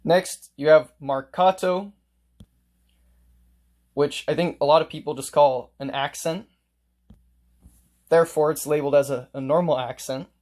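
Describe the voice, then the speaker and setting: A man's voice: a little high, steady tone, unhurried, pauses often, darkish tone. A man teaching a casual music lesson, explaining note markings step by step and playing examples on his instrument.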